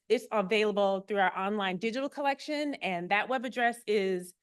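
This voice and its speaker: A woman archivist giving a public talk to a live audience, friendly and explanatory with a light touch of humor. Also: medium pitch.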